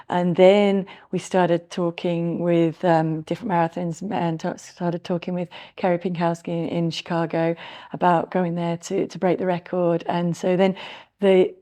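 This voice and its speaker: Low, mellow-voiced woman storyteller. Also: normal speed. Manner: animated storytelling with laughs, acts out her own thoughts. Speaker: guest, former marathon runner. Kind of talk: podcast interview, reflective storytelling.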